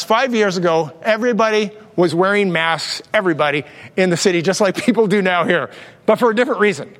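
A man's voice: high-pitched, fairly bright tone. A man in his fifties, a pastor preaching a sermon, telling stories and mimicking the voices of people he quotes. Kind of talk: sermon with storytelling. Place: church sanctuary with long reverb. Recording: reverberant church hall.

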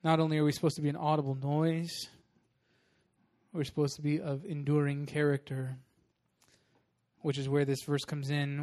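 A man's voice: on the high side, moderate pace, pauses often. Casual, upbeat man preaching a sermon. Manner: casual, animated storytelling with laughs. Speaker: pastor.

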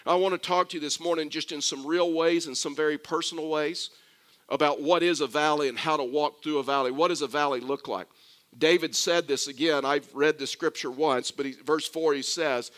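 A man preaching to his congregation in a bright, forceful voice pitched a little high. He tells a story, then presses one point home by repeating it, restarting phrases as he goes. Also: fairly quick. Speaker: pastor. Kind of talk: sermon.

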